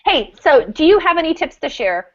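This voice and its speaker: A woman co-hosting a casual video-call chat, teasing and quick with interjections. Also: high-pitched, very animated. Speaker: co-host. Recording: muffled lo-fi video-call audio.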